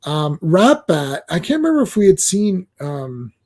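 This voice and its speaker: A man hosting a casual chat about a cartoon series, talking in a halting way with many restarts and ums. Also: on the high side, very animated, a little mellow. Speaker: podcast host.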